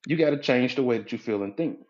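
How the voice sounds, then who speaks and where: A man coaching on a live stream, greeting viewers by name, repeating his points and pitching his community in a casual way. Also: quick pace, a little mellow, muffled recording.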